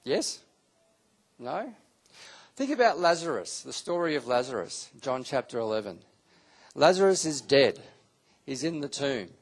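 A man with a gravelly, slightly husky voice teaches a Bible class to a live audience. He delivers it as an animated sermon and acts out quotes with sudden jumps in pitch. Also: unhurried, pauses often.

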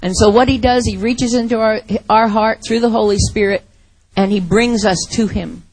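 A woman preaching a sermon, slow and dramatic, swinging from loud to whispered. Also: medium pitch, fairly even intonation, no room sound.

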